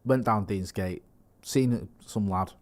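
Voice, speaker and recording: A man's voice: on the low side, slow pace, darkish tone. A man co-hosting a podcast, chatting casually in a rambling, jokey way and reading news reports aloud. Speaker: podcast co-host. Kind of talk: casual chat.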